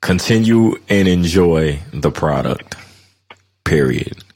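A man's voice: sits low, lively intonation, a little mellow, a little hiss or hum. A man co-hosting a podcast, chiming in with short reactions during casual chat. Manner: quick reactive remarks. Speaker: podcast co-host.

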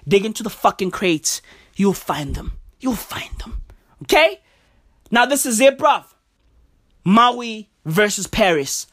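A woman's voice: fairly high pitch, a bit bright. A woman hosting a podcast, ranting about football in a profane, stammering, overexcited way. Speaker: podcast host. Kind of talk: casual football rant.

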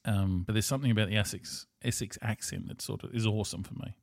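A man's voice: lowish voice, fast talker, vocal fry, no echo, studio quality. Blunt, rambling Australian man. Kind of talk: casual monologue.

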